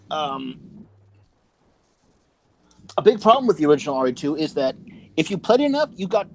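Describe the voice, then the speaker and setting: A man's voice: on the high side, slight background noise. A young man ranting heatedly about video games on a casual podcast, stumbling and restarting his sentences. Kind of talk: casual gaming podcast chat.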